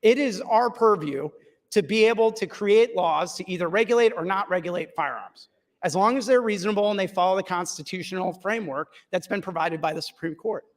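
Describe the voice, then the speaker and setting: A state senator with a high voice, speaking a little fast, gives a firm, lawyerly floor speech in a legislative chamber. He is losing his voice and repeats his key points.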